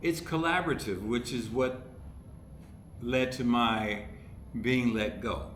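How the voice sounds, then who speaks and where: Animated male storyteller in an echoey room. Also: medium pitch, takes it slowly. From Ohio, USA. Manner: animated storyteller who acts out the people he quotes. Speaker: podcast guest, comedy writer. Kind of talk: casual storytelling chat. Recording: echoey room with faint background noise.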